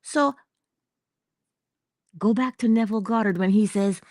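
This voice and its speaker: A woman's voice: mid-range voice, a little slow, long pauses, darkish tone, dry recording, clean studio sound. A woman giving a motivational talk in a playful, theatrical manner. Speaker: inspirational speaker.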